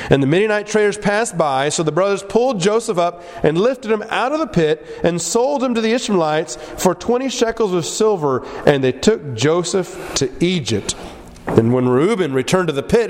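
A man preaching a sermon in an animated way, acting out characters from the story as he goes. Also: a little high. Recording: echoey hall with long reverb.

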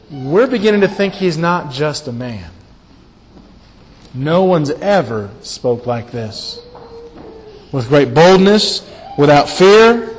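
A man preaching a sermon and working verse by verse through scripture. He speaks earnestly and drops to a quiet voice when he wants to stress a point. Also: sits high, lively intonation, a little slow. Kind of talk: sermon, Bible exposition. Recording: long hall reverb.

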